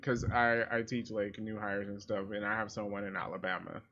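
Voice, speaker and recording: A man's voice: lowish voice, steady tone, fairly quick, sharp tone, muffled recording. A Midwestern man co-hosting a movie podcast, rambling casually, laughing often and acting out what he thought. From American Midwest. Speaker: podcast co-host. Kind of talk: casual chat.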